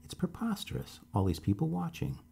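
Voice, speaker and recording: A flustered middle-aged office man, as a storyteller puts him on, with a tenor voice pitched above the reader's own. He sounds tense and rattled. The voice carries some gravel and a husky edge. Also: big pitch swings, brisk, mellow, heavily acted. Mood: anxious.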